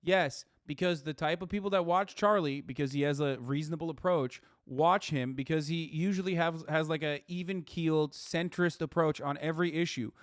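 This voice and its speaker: A man livestreams in clean studio sound with no echo, reacting to clips and answering chat in a heated, profane rant. His voice is on the high side, and he talks at a moderate pace with hardly any pauses.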